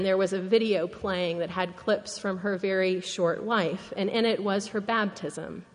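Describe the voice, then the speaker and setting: A woman minister preaching a sermon, telling a story slowly and earnestly, dropping to a hushed, solemn tone. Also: mid-range voice, long reverb tail. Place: church sanctuary.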